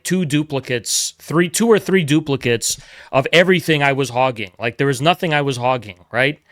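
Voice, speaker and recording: A man's voice: medium pitch, fairly bright tone, clear, resonant tone, no room sound, clean studio sound. A man livestreaming, ranting in a blunt, profane, exasperated way in casual monologue, at a desk mic indoors.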